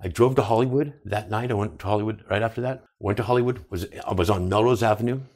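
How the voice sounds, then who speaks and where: Fast-talking man telling stories. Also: fairly low pitch, darkish tone. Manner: profane, acts out quoted dialogue. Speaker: podcast guest. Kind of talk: casual interview storytelling.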